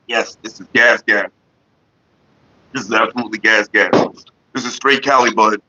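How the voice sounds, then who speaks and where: A man's voice: lowish voice, steady tone, moderate pace, long pauses, bright, forceful tone. A man hosting a casual livestream, rambling and swearing freely while greeting viewers in the chat, on a headset mic. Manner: laid-back, profane and rambling. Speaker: livestream host. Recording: slightly dull lo-fi audio.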